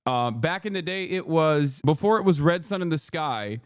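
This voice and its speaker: A man's voice: fairly high pitch, animated, moderate pace, clean tone, dry recording, studio quality. A man hosting a livestream, talking casually to his chat in a rambling, heated and jokey way. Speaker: livestream host.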